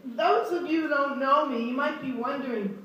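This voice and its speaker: A woman's voice: high voice, normal speed, fairly bright tone, distant mic, dull audio, slight background noise. An older woman with a New York accent doing stand-up comedy, self-deprecating jokes delivered as punchlines. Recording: roomy echo from afar.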